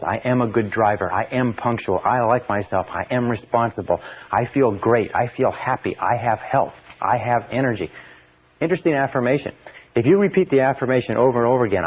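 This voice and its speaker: A man speaking at a mid pitch, delivering a motivational seminar with emphatic repetition. The sound is thin and tinny, like an old recording heard down a phone line. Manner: emphatic, repeats phrases for stress.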